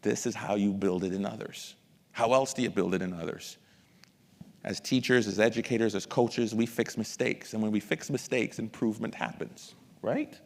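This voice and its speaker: A middle-aged man presenting at an education masterclass, who addresses the audience directly and acts out examples in a lively lecture. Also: lowish voice, moderate pace, creaky. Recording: long hall reverb.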